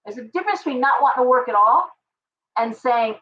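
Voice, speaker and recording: Middle-aged woman, tarot livestream host, chatty and ranty, fairly high voice, dull lo-fi sound from a distant mic. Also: fairly quick. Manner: chatty, ranting, animated asides. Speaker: tarot reader and live stream host. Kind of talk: casual livestream tarot reading.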